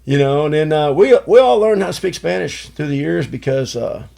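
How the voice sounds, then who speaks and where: Podcast guest, sixties, from Chicago; gravelly, slightly high-pitched man spinning loose anecdotes. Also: lively intonation, normal speed, mellow. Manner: rambling anecdotal storyteller, many fillers like "you know". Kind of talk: casual storytelling chat.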